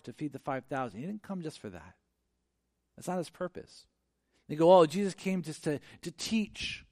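Animated male preacher, higher voice. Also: no room sound, studio quality. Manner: animated, conversational preaching with frequent restarts. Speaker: pastor. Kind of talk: sermon.

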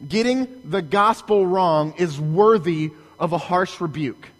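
A high-voiced male pastor preaching with rising force, his lines pushed hard for emphasis. The sound trails off in the long reverb of a large hall. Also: slow pace. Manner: emphatic, builds to shouted lines. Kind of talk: sermon.

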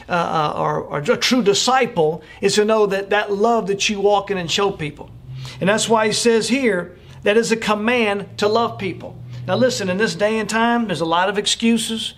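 High-voiced man preaching a sermon. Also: fairly bright tone. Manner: earnest, repetitive exhortation with frequent fillers. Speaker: pastor.

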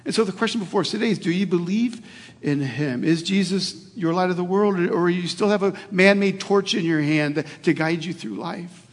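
A man's voice: high voice, moderate pace. A middle-aged male pastor preaching a sermon, telling a personal story in an earnest way with hesitations and restarts. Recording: long hall reverb.

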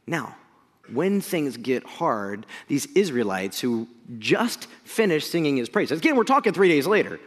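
Animated high-voiced preacher man. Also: unhurried, long reverb tail. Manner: energetic, jokey, swings from loud excitement to hushed. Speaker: pastor. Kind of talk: sermon.

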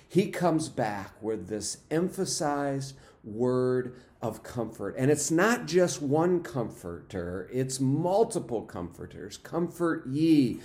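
A man preaching a sermon, unhurried, with fillers and repeated phrases. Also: mid-range voice, warm tone. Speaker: pastor.

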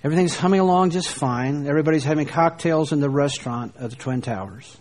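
A middle-aged man from the United States delivers a sermon in a fairly high voice. He drops to hushed, low lines, then rises into emphatic questions. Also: quick pace. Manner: preaching, shifting between soft hushed lines and emphatic rises. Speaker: pastor.

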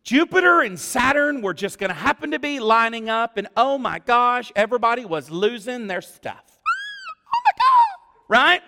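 A male pastor delivers an animated sermon in a strikingly high voice with a gravelly edge. His pitch leaps around as he exclaims and acts out the quotes. A long reverb from the church hall trails every phrase. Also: moderate pace, hardly any pauses.

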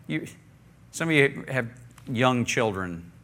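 A pastor with a fairly low voice preaches slowly to his congregation in a conversational, animated style. He often restarts phrases and leads the listeners in repeating words.

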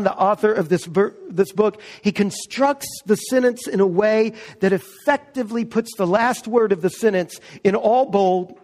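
A man preaching a sermon as pastor, stressing key words slowly and with emphasis. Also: high voice, darkish tone, in a large hall.

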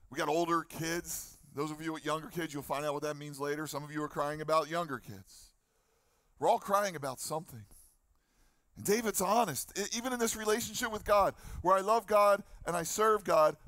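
High-voiced older pastor preaching. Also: male voice, no room sound. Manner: animated preacher, acts out quoted psalms, asks the crowd questions. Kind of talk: sermon. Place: outdoor lawn gathering.

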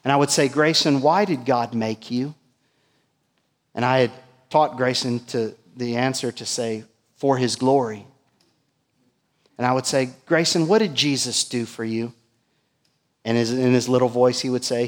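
A middle-aged man preaching a sermon as pastor, swinging from emphatic peaks to hushed lines and asking the congregation questions. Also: medium pitch, moderate pace, big-room sound. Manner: rises to emphatic peaks and drops to hushed asides, asks the church questions.

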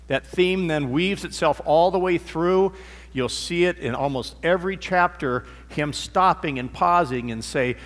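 A man's voice: a little high, a little slow, fairly bright tone, big-room sound. A male pastor giving a conversational sermon, shifting his emphasis on words as he teaches.

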